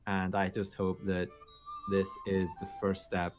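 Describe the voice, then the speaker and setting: A man's voice: low-pitched, completely flat delivery, unhurried, soft background music. A man hosting a casual gaming podcast, teasing his co-hosts with mock-dramatic build-ups. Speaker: podcast host. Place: home studio, streaming live.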